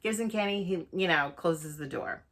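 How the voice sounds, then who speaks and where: A woman chats casually as she retells gory film scenes. Her tone is bright and forward, her voice sits a little low, and she fills her sentences with "like" and "you know". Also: normal speed. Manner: animated, filler-heavy storytelling with many "like"s. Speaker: horror channel host. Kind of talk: casual chat.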